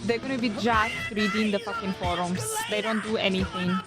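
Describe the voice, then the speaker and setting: A young woman chatting casually on a live stream, animated and swearing often as she restarts her sentences. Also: mid-range voice, normal speed. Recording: faint background music.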